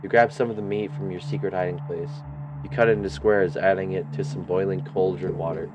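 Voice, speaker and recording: Low-voiced man reading a game aloud. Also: fairly even intonation, brisk, dull audio, over music. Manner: casual, slangy asides. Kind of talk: reading game text aloud with casual reactions.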